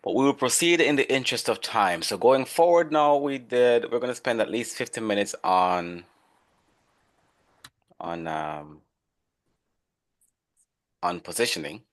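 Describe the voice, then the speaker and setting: A man's voice: medium pitch, expressive, measured pace, pauses often. A man teaching an online class, explaining and calling on students by name in a casual, conversational way. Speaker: instructor.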